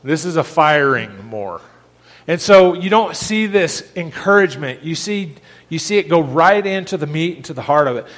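A pastor delivers a conversational sermon, his high-pitched voice carrying through a church with a long reverb. He keeps restarting his phrases and then builds toward emphatic points. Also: animated, normal speed, fairly bright tone. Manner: conversational preaching with frequent restarts and rising emphasis.

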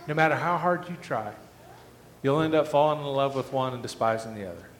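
A man's voice: mid-range voice, a little fast, slight background noise. A man preaching a sermon, asking the congregation earnest rhetorical questions. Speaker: pastor. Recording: echoey hall with faint ambience.

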